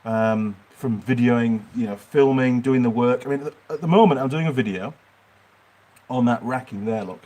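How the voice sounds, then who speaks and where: A man's voice: medium pitch, normal speed, dark tone. Middle-aged Yorkshire man, mid-range voice, rambling livestream host answering viewers from his workshop. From Yorkshire, England. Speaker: mechanic channel host. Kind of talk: livestream Q&A chat.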